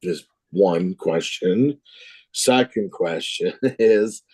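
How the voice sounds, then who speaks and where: A man's voice: sits low, drawn-out words, darkish tone, no echo, rough recording. A town councillor, a man losing his voice, talking casually and with laughs in a council meeting. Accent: Canadian. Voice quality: hoarse. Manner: casual, laughs often, rambling. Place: council chamber.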